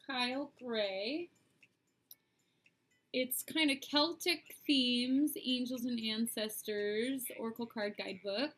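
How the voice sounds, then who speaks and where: A woman with a bright, tense edge to her tone, sitting a little above the usual pitch, hosts a live-streamed oracle card reading. She chats directly to her viewers, loosely and with plenty of "um"s, as she explains each card. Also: poor audio. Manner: chatty, speaks straight to viewers, frequent "um"s.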